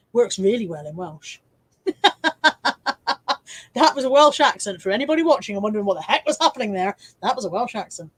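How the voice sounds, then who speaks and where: A woman's voice: mid-range voice, sing-song, a little fast, pauses often, breathy edge. An English woman hosting a casual live stream from home, chatting and teasing herself as she reads out viewer comments.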